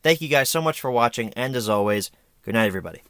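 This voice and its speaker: A man hosts a review vlog in a casual, opinionated, chatty way, poking fun at himself. His pitch moves around a lot, and the recording sounds dry and close. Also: expressive, fast talker, fairly bright tone, smooth, dry recording. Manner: chatty, opinionated, self-deprecating. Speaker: host of a home media review show.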